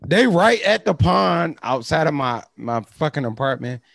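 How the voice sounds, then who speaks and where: A man chats on a podcast with a gravelly edge and an animated, swooping delivery. He swears freely and acts out little quoted scenes. The sound is dry and close. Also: a little high, measured pace, no room sound. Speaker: podcast co-host. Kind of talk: casual chat.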